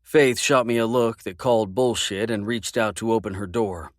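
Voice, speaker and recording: A man's voice: fairly low pitch, fairly even intonation, no echo. Dry, close male audiobook narrator. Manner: measured, intimate storytelling. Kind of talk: first-person romance audiobook narration.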